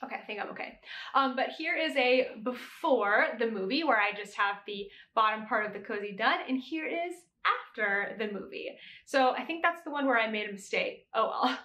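A woman's voice: on the high side, expressive, normal speed, sharp tone, echoey room. A young adult woman hosting a knitting podcast, chatting casually and laughing now and then as she corrects herself. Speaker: podcast host. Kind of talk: casual chat.

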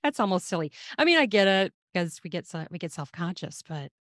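A woman hosting a podcast in casual chat, laughing often and quick to agree. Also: fairly low pitch, big pitch swings, dry recording, clean studio sound. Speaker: podcast host.

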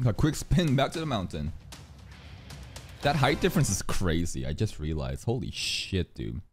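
A man streaming live anime reaction commentary, excitable and exclamatory, swearing often and repeating words rapidly when surprised. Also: sits low, faint music behind.

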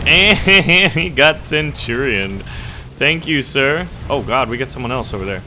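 A man giving casual gameplay commentary on a tank game, excitable and quick to burst into loud cursing. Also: mid-range voice, a little hiss or hum.

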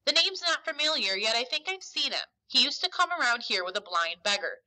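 A sly, jovial one-legged pirate innkeeper, as a woman reads him aloud. His voice is very bright and a touch high, and he speaks in hearty, booming exclamations. It sounds like a storybook reading. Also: big pitch swings, fairly quick, exaggerated voice, poor audio.

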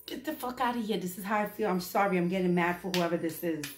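A woman doing a casual tarot reading for her viewers, blunt, profane and animated. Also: on the low side, fast talker. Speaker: tarot reader. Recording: echoey room.

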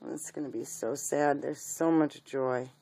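A woman breeder talking casually about her puppies, often cooing to them in soft baby talk. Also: very deep voice, steady tone, a little slow. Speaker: dog breeder. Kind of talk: casual video chat with puppies.

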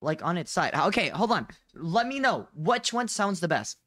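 Restless streamer talking to chat, lots of bro and dude, lively ups and downs, dead dry home mic. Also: medium pitch, normal speed, dry recording. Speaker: live streamer. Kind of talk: casual livestream chat to viewers. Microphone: condenser desk mic, close.

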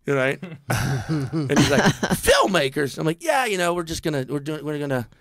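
Man spinning a comic yarn, lively voices for each character, dry close mic. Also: a little high, a little fast, no room sound. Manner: animated, acts out voices of people in the story. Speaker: comedian telling a story. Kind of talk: casual storytelling on a comedy podcast.

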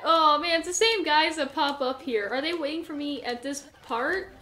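Excitable high bright young woman gamer. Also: moderate pace. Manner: excitable, shrieks and panics, then rambles and laughs at herself. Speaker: gameplay commentator. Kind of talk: let's play commentary.

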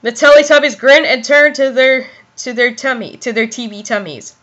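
A woman's voice: high-pitched, moderate pace, a bit bright, highs cut off. A young woman giving a comic dramatic reading of a fan story, giggling and exclaiming as she goes. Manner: giggly, exclaiming, self-interrupting. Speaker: reader of fan fiction.

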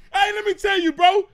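In an easygoing reaction stream, a man with a high voice watches clips and stays animated, one moment muttering low, the next erupting in loud laughter.

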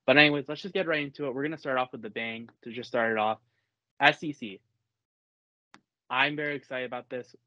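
A young man in his college years hosts a sports podcast in a casual, excitable way, pushing his opinions hard and often restarting mid-sentence. His voice sits at a medium pitch. The sound is dry and a little dull, like lo-fi home audio. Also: no room sound. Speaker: podcast host.

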